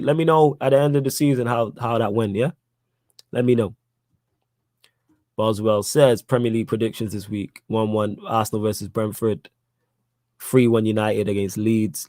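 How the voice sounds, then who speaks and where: A man's voice: lowish voice, warm tone, no room sound. A young man hosting a live football podcast, reading chat questions in a slangy, emphatic way and repeating his points. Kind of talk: casual live-stream chat.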